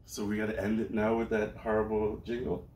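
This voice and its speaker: A man's voice: fairly low pitch, monotone, a little fast, darkish tone, echoey room. A man co-hosting a casual podcast chat. He keeps things laid-back, mostly with short, dry replies. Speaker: podcast co-host.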